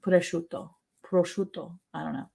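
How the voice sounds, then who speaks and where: A woman's voice: fairly low pitch, steady tone, moderate pace, creaky, warm tone, breathy edge. A woman hosting a casual ranch livestream, chatty, reading viewer comments aloud and laughing often. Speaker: livestream host. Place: ranch home.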